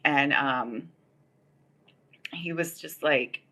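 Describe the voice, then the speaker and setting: A woman's voice: sits low, extremely slow, sharp tone. A woman hosting a casual livestream, telling a long personal story in a rambling way, full of "like" and "um". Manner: rambling, filler-heavy, many "like" and "um". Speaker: livestream host. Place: Los Angeles area.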